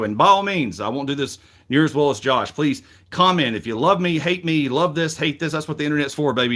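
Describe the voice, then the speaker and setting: A middle-aged Southern man talks through wrestling results at his own loose pace. He rambles, cusses freely and fills gaps with "uh" and "you know", and his voice sits at an ordinary middle pitch. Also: a bit bright. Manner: rambling, frank, swears freely, many fillers. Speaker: wrestling reaction show host. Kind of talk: casual commentary.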